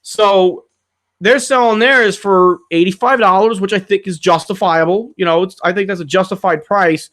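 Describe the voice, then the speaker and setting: Man, fairly high voice, casual livestream chat, rambling and swearing, rants. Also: fairly even intonation, moderate pace, a bit bright. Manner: rambling, profane, ranting. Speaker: channel host answering viewer questions. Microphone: streaming setup mic.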